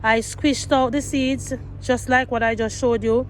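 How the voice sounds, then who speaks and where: A woman's voice: on the high side, steady tone, unhurried, a little hiss or hum. A woman gardening vlogger talking viewers through her garden outdoors, chatty and repeating herself. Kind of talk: casual garden tour vlog.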